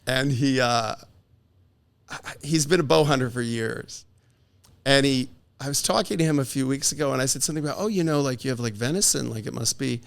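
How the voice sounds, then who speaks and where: A middle-aged man who works as a divorce attorney speaks a little fast in a creaky, medium-pitched voice during a relaxed podcast conversation. He spins animated anecdotes, imitating the voices of people he quotes.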